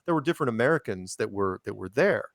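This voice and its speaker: A man guesting on a podcast tells stories quickly in a lowish, animated voice, restarting often and wandering into asides. He raises his voice to act out the people he quotes, captured in echo-free studio quality.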